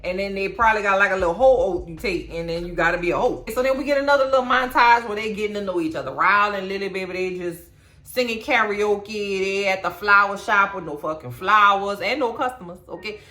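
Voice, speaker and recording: A woman's voice: medium pitch, quick pace, roomy sound. Sassy slang-heavy woman recapping a film. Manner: sassy, slangy, animated storytelling. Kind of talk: casual movie recap commentary.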